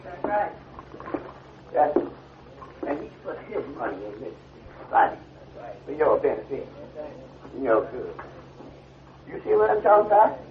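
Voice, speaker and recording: A man's voice: a little high, sing-song, a little slow, long pauses, background noise. An older man preaching to a class, stopping again and again to ask whether his listeners see the point. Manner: call-and-response, keeps asking "you see?". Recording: dull old 1970 lecture tape.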